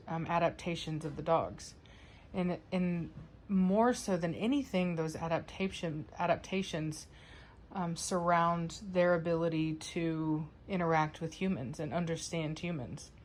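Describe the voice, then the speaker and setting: A woman's voice: on the low side, a little hiss or hum. A woman dog breeder and trainer talking casually to her viewers in a chatty, rambling way. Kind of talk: casual vlog talk to viewers.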